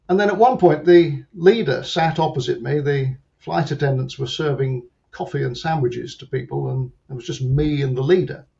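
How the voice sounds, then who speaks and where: A man telling a personal story as an interview guest, reflective and halting, with frequent restarts. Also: on the high side, creaky, darkish tone. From Britain. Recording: muffled lo-fi sound.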